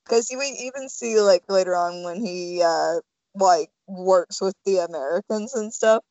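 A woman's voice: mid-range voice, unhurried, dark tone, no echo, dull audio. Chatty woman podcaster, dry close sound. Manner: chatty, rambling, full of "like" and "you know". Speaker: podcast co-host. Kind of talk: casual film-discussion podcast chat.

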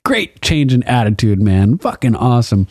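A man's voice: mid-range voice, big pitch swings, normal speed, darkish tone, breathy edge, no room sound, clean studio sound. A man in a casual chat, animatedly retelling a TV episode, laughing often and acting out the quotes. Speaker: podcast co-host recapping a TV episode.

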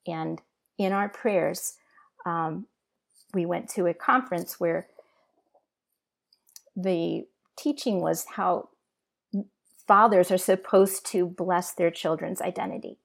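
Earnest low woman with a gravelly voice. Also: steady tone. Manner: earnest, halting with restarts. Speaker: interview guest. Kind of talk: emotional personal testimony.

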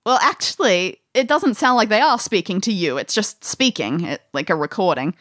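A woman's voice: mid-range voice, animated, moderate pace, a bit bright, no echo, clean studio sound. A woman acting as game master, describing scenes in an escape-room game with light amusement.

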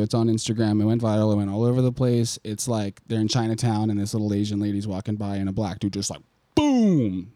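A man's voice: on the low side, dark tone, dry recording. Profane rambling male podcast host. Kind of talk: casual podcast chat.

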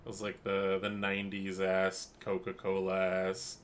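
A man in his thirties co-hosting a podcast, teasing and quick to laugh. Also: deep voice, monotone, fairly bright tone, a little hiss or hum. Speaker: podcast co-host. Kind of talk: casual chat.

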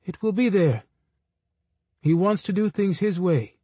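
Man doing a calm, patient mother. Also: high-pitched, a little slow, slightly rough, dry recording, full character voice. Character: patient, quiet mother speaking to her son.

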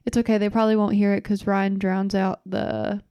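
A woman's voice: medium pitch, little pitch movement, a little fast, dark tone, clean tone, no room sound, muffled recording. Southern-accented Kentucky woman, podcast co-host, teasing and chatty; dry, close recording. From Kentucky, USA. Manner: teasing, laughs often. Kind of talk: casual chat.

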